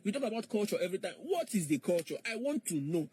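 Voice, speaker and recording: A man's voice: sits high, big pitch swings, fast, warm tone, slight background noise. A man in a played clip, mockingly repeating questions in an argumentative monologue.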